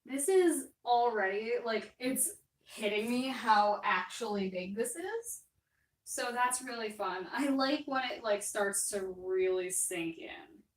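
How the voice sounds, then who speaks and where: A woman's voice: on the high side, lively intonation, slow, recorded from a distance. Chatty young woman streaming from an echoey room. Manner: chatty, rambling, reads out viewer comments. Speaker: artist live-streaming. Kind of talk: casual livestream chat while painting. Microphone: distant mic, moves around while working. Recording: roomy echo, voice off-mic.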